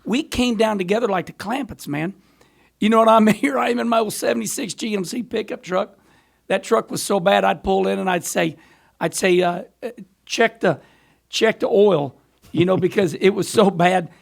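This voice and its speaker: Middle-aged male guest, high gravelly voice, animated storyteller. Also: brisk. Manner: animated, rambling storyteller who laughs often. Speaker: podcast guest, former racer. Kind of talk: storytelling in casual chat.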